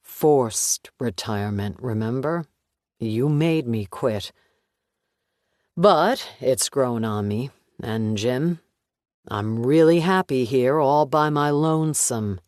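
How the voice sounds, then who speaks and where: A man voicing a forty-something retired FBI agent, speaking slow, low and sardonic. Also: darkish tone, no room sound, clean studio sound, close to an everyday voice. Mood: guarded.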